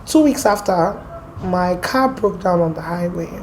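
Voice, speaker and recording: A woman with an American accent, from Port Harcourt, telling her story as an interview guest in a lively, animated way. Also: fairly low pitch, unhurried, a little hiss or hum. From Port Harcourt, Nigeria. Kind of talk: casual storytelling.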